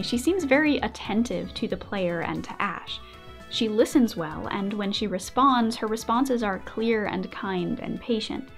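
Young woman host, upbeat commentary, a touch high, light music bed. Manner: playful, animated, frequent laughs. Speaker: video essayist host. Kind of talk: casual commentary.

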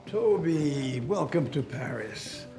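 An actor playing a wry, hearty older host with a gravelly voice. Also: male voice, a little high, animated, slow pace, music in the background, exaggerated voice. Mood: jovial.

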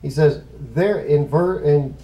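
A man's voice: a little high, takes it slowly, mellow, slight background noise, low-quality recording. A middle-aged man teaching a casual Bible lesson, rambling and conversational, often stopping to correct himself.

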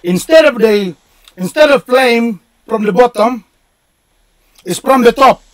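A man's voice: very high voice, lively intonation, measured pace. A man hosting a casual chat from Indonesia, joking and swearing as he mimics Aussie slang. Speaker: host. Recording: away from the mic, with background crowd.

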